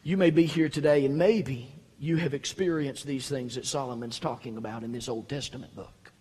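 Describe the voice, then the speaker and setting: A pastor preaching a sermon, dropping to quiet low reading and then rising to loud, high-pitched exhortation. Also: male voice, fairly even intonation, normal speed, husky. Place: church sanctuary. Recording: echoey hall.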